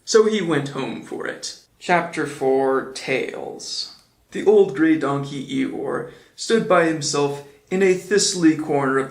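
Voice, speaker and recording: A man narrates a children's story in a gentle, measured way. His voice sits a bit high for a man. The room around him sounds roomy and echoey. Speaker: audiobook reader. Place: indoor room, on camera. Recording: roomy echo.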